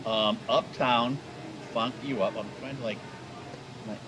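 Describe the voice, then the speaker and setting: A man's voice: mid-range voice, steady tone, a little slow, noisy background. A man co-hosting a casual livestream chat, rambling and swearing and stumbling over repeated words. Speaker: co-host.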